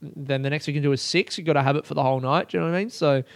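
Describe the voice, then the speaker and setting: Man, casual storytelling, slightly high voice, smooth and clear, dry close sound, animated and sweary. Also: rapid-fire, no room sound. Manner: animated and profane, with frequent laughter. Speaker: solo storyteller.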